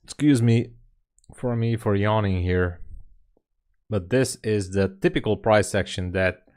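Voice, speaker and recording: A man with a lowish voice talks slowly through a live trading session, with long gaps between remarks. His tone is wry and half to himself, like someone thinking aloud at his desk. The delivery is relaxed and unhurried. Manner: wry, muttering remarks to himself about the chart. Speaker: day trader streaming live.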